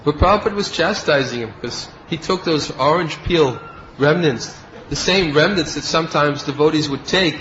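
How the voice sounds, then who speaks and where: This spiritual teacher's voice sits fairly high and has a fairly bright tone, moving at a moderate pace with few pauses. Leading a devotional class, he narrates a tale from beginning to end and gives voice to its characters. Beneath the dull, lo-fi sound runs a faint hiss.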